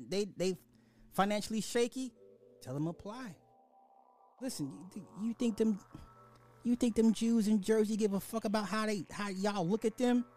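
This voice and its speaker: A man's voice: sits high, a little mellow. Profane ranting male podcast host. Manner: profane, mocking, keeps apologizing. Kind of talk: ranting social commentary.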